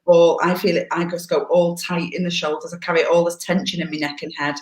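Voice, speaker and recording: A woman's voice: fairly low pitch, flat delivery, brisk. A woman in her forties co-hosting a casual live chat over a video call, candid and teasing. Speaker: co-host. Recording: echoey room on a video call.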